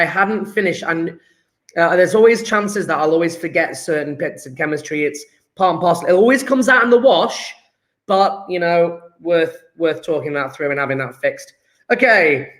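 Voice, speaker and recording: A man teaching a live online chemistry lesson, working through sums aloud in a chatty, joking way. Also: sits high.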